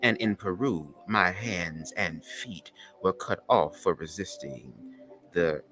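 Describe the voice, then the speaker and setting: A man voicing a stately older woman poet, reading slowly and solemnly in a Southern accent. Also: low-pitched, over music. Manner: slow, measured, dramatic recitation. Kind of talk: dramatic poem reading.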